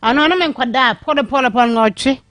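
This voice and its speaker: A woman telling a candid personal story on a radio show, emphatic and animated, pleading her case with the host. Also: high voice, moderate pace, no room sound.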